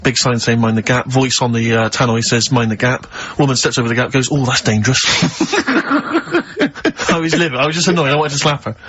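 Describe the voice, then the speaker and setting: A man's voice: mid-range voice, fairly even intonation, a little fast, a bit bright. A man co-hosting a radio show, reading out emails and complaining in a dry, matter-of-fact way. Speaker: radio co-host. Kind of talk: casual radio banter. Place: radio studio. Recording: lo-fi radio recording.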